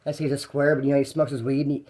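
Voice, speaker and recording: A man's voice: medium pitch, level tone, racing, mellow. A young man telling a story in a casual, slangy, rambling way, with restarts.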